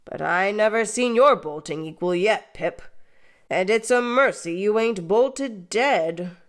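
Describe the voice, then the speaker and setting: Brief: woman reading as a gentle, slow, earnest blacksmith in an audiobook, confiding and a touch louder. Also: medium pitch, lively intonation, close to an everyday voice. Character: kind slow-witted village blacksmith, grown man.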